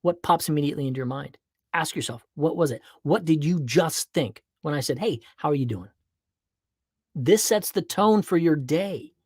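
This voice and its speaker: A man hosting his own podcast, chatting casually with viewers before he records, then talking in a playful, animated way. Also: fairly high pitch, moderate pace, breathy edge, no room sound, clean studio sound. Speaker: podcast host. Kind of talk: casual livestream chat and podcast monologue.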